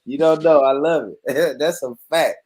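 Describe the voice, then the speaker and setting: A man hosting a show, reacting in casual commentary with loud, profane talk and frequent laughter. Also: on the high side, normal speed. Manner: loud, profane, laughs a lot, addresses viewers.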